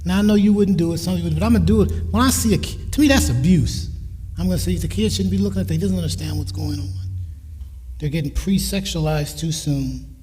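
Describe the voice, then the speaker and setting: Mellow-voiced man in his sixties preaching. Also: sits high, fast, breathy edge, soft background music. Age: 60s. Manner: anecdotal, quotes family in his own voice. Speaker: speaker at a church. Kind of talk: sermon on parenting. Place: church sanctuary. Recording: reverberant church hall.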